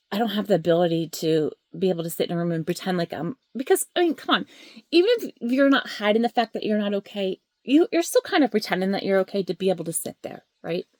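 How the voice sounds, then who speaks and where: Candid woman with a gravelly edge. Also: mid-range voice, darkish tone, no echo. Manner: raw, rambling, emotional, drops to a whisper at times. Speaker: vlogger sharing her grief. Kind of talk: candid talking-to-camera vlog. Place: at home, indoors. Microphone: handheld camera or phone.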